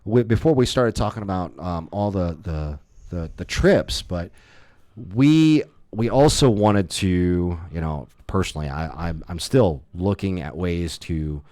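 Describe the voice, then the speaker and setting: Male podcast co-host, lower register, chatty and rambling, lots of restarts. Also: a little slow, no echo. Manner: rambling, animated storytelling with restarts. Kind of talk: casual chat.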